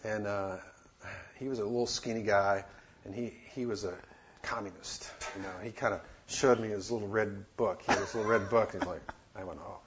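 Male storyteller giving a casual testimony, halting with fillers, on a dull, slightly noisy recording. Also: on the low side, steady tone. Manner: halting, many fillers and restarts, laughs while telling. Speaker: missionary storyteller. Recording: dull lo-fi recording with faint noise.

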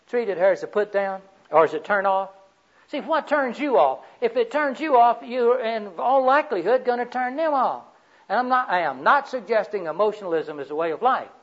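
A man preaching a sermon, telling personal stories and asking the audience questions. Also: sits high. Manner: storytelling, rhetorical questions to the audience. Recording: dull lo-fi recording.

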